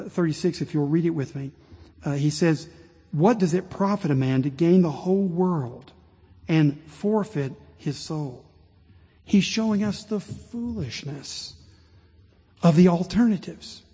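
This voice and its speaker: A man preaching a sermon as pastor, rising to impassioned pleading and dropping low and slow. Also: warm tone, husky. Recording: long reverb of a large hall.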